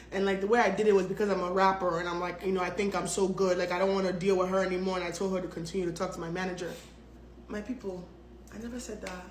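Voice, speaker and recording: A woman's voice: medium pitch, roomy sound, a little hiss or hum. Dramatic, blunt woman telling a story. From United States. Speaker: storytelling vlogger. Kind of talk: casual storytime.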